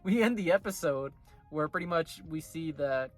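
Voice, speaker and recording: A man's voice: a little high, expressive, moderate pace, soft background music. A man casually recapping and reviewing an anime episode, rambling with lots of filler words. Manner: rambling, full of "like" and "you know" fillers.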